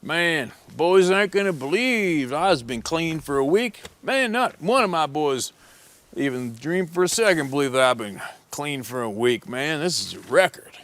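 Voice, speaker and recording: A man's voice: a little high, animated, unhurried, a bit bright, pitched above the performer's own voice. A man voicing a strung-out male meth-addict hunter who whines and drawls his words. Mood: boastful. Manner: whining, drawling, slurred.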